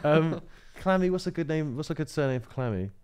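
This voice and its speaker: A teasing, amused man in casual podcast banter. He has a crisp, resonant voice and a bouncy intonation. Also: a little high, lively intonation, fairly quick, a little mellow, no echo. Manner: teasing, laid-back, amused. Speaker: podcast co-host. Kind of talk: casual chat.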